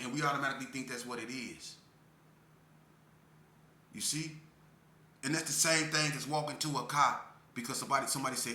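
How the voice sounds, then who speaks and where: A man's voice: on the high side, a little fast, long pauses, sharp tone, slight background noise. Earnest man, emotional, echoey room. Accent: Las Vegas street speech. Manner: earnest, preaching, repeats phrases for emphasis. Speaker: speaker telling his life story. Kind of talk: emotional testimony to parents. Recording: echoey room with faint ambience.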